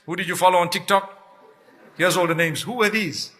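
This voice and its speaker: A man's voice: high-pitched, brisk, pushed and bright. A man preacher giving a humorous sermon, telling playful stories with punchlines. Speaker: Islamic preacher.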